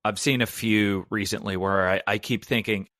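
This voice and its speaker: A man co-hosting a podcast, bantering in casual chat with quick jokes. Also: fairly low pitch, fairly even intonation, fairly bright tone, no room sound, studio quality. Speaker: podcast co-host.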